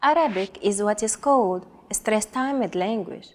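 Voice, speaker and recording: A woman co-hosting a language lesson, saying words slowly and carefully for learners to repeat. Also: mid-range voice, a little mellow. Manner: slow, careful enunciation. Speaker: co-host and native-speaker model. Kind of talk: scripted lesson, modeling pronunciation.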